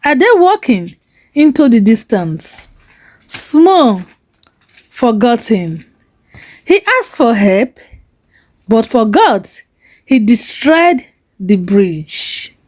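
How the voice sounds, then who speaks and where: A woman narrates a family drama slowly and solemnly, leaving heavy pauses. Her voice is high and lively in pitch, rising and falling widely across each phrase. The pace stays unhurried throughout. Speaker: storyteller.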